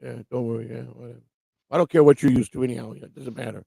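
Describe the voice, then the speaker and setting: A man's voice: medium pitch, steady tone, rapid-fire, gravelly, dark tone, breathy edge, no echo. A man hosting a morning livestream, ranting casually with lots of swearing and mocking quotes of other people. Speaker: livestream show host. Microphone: livestream microphone.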